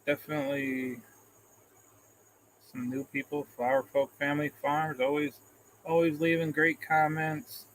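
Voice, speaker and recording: A man's voice: a little high, little pitch movement, measured pace, a bit bright, a little hiss or hum, low-quality recording. Rambling man chatting on a live stream. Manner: rambling, self-deprecating, chuckles often. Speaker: livestream host. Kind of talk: casual livestream chat, reading comments.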